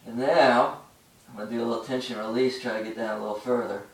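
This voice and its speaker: A man's voice: mid-range voice, steady tone, fast talker, echoey room, recorded from a distance, rough recording. A man explaining a stretching routine while doing it, talking in short bursts between holds and breathing hard from the effort. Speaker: stretching instructor. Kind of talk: instructional demonstration.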